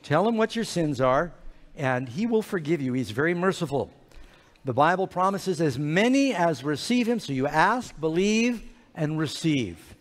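A man telling an animated, playful story sermon to children in a large church hall. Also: a little high, a little slow. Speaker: preacher. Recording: reverberant hall.

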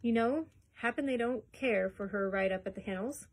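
A woman's voice: on the high side, normal speed. A woman reading a storybook aloud and voicing a hopeful young boy who pleads in a rush of words. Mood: coaxing. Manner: eager, words racing, pleading.

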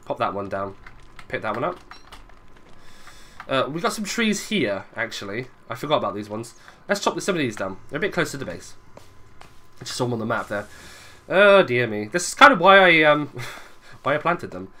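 A young man narrates his own gameplay in a loose, chatty stream of commentary. His voice is bright and ringing, and his pitch rises and falls a lot. He keeps muttering small asides to the people watching. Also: big pitch swings, normal speed, pauses often, slight background noise. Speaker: gaming video creator. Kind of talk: let's play commentary.

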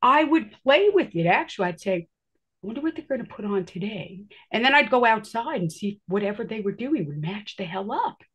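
A woman with a husky, slightly rough voice tells a personal story in a loose, rambling way. She leans on filler words and acts out what people said as she goes. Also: medium pitch, lively intonation, brisk.

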